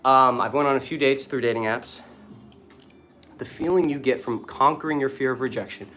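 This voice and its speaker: A man's voice: mid-range voice, moderate pace, pushed and bright, faint music behind. A young man talking casually and with swearing in a vlog while doing push-ups, a bit out of breath. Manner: casual, profane, talks between push-ups. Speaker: dating coach.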